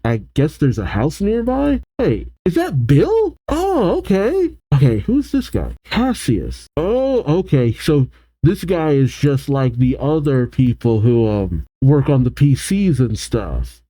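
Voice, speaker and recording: Man, casual comic reaction, lively pitch, very dark tone, dry sound. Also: measured pace, no echo. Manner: casual, amused, says "friggin'". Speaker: reaction video host.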